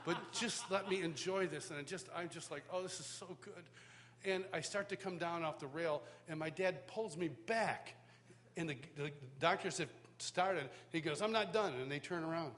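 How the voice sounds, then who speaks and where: A man teaching at a worship school, telling a personal story in sermon style with animated, self-mocking humor, recorded live in a church hall. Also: fairly high pitch, normal speed. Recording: live hall reverb, faint background noise.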